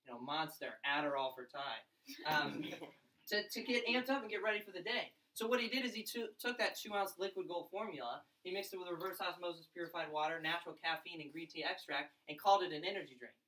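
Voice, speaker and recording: A young man telling his story and pitching to a room of college students, excited and fast, acting out other people's lines. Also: reverberant, recorded from a distance, low-quality recording. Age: young adult. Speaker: event speaker. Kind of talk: energetic pitch talk to a crowd.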